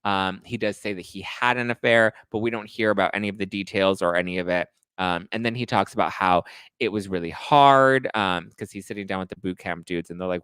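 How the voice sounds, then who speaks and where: A male host recaps reality TV gossip in a casual, crude, playful manner, now and then breaking into snippets of song. His low-pitched voice is fairly quick and fairly bright, smooth, with no echo.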